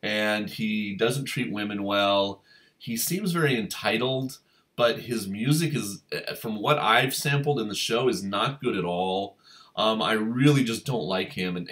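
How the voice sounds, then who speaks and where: A man giving a casual spoken review of a reality show, rambling with many fillers and restarts. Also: fairly bright tone. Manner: acts out quotes in a higher voice.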